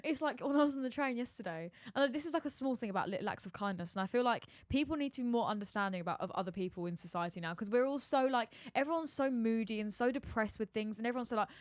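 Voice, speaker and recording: Young female co-host, rapid chatty delivery, dry close sound. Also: on the high side, dry recording. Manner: chatty, gives advice, tells stories with emphasis. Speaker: podcast co-host. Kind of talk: casual chat.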